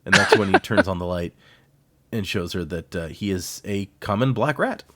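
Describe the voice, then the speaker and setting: A man's voice: deep voice, normal speed, pushed and bright, no echo. A man co-hosting a podcast, animatedly retelling a book's plot in casual chat and often laughing. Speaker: podcast co-host. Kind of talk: casual book discussion.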